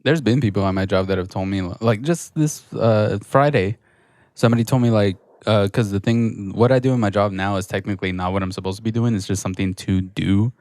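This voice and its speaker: A young man co-hosting a relaxed podcast, with a lowish voice. He swears a lot and keeps slipping into quick impressions of the people he talks about. The sound is dry and close to the mic. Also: dry recording. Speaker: podcast co-host. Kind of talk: casual chat.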